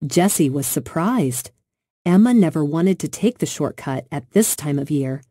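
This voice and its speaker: A woman reads a children's storybook aloud in a gentle, expressive way. Her voice is lowish with a dark, mellow warmth, and the sound is dry and close. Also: a little slow, breathy edge, no room sound. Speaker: narrator.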